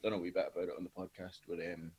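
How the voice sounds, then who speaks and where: Husky, low-voiced man. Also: flat delivery, rapid-fire, darkish tone. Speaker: podcast guest. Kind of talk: casual podcast chat.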